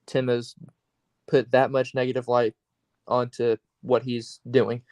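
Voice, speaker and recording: A man talking in a relaxed, opinionated chat, pausing and filling gaps as he thinks. His voice sits at a middle pitch. The sound is dry and close. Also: no room sound. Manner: earnest, opinionated, loose with pauses and fillers. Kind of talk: casual chat.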